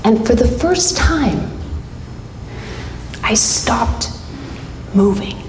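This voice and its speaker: Slow, deliberate woman storyteller on stage. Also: fairly high pitch, expressive, darkish tone, slight background noise. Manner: deliberate, dramatic pauses between short phrases. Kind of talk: live storytelling performance. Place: stage at a live event hall. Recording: roomy hall reverb.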